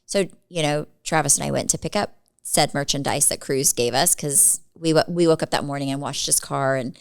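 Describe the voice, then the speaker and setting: A woman in her forties co-hosting a podcast, telling animated stories in casual chat and acting out other people's lines. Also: low voice, brisk, vocal fry, clear, resonant tone, dry recording. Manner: animated storyteller acting out quotes. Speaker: podcast co-host.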